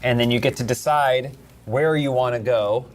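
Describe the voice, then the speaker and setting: Pria ceria memandu permainan papan. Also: male voice, medium pitch, moderate pace. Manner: upbeat, laughs often, talks through rules with restarts. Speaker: game host. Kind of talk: explaining board game rules, casual banter.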